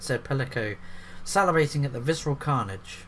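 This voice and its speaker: A man's voice: on the high side, expressive, moderate pace, fairly bright tone, slight background noise. A man reading an article aloud and breaking off into sarcastic, profane commentary. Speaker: YouTube commentator.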